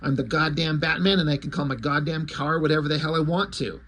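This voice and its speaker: A man voicing a gruff, arrogant masked vigilante who talks curtly and swears. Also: a little high, fairly even intonation, fast, fairly bright tone, slight background noise. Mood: indignant. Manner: curt, profane, self-assured.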